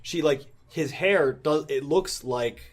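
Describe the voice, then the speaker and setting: A man's voice: on the high side, slow. A man co-hosting a casual podcast, groping for words and letting his sentences trail off. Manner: trails off and gets quieter, searching for words. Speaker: podcast co-host. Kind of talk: casual chat.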